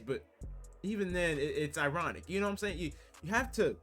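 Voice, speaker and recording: A man's voice: on the high side, animated, brisk, fairly bright tone, faint music behind. Earnest young American man vlogging. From United States. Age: young adult. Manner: earnest, with rhetorical questions and "you know what I'm saying" asides. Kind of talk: casual opinion monologue.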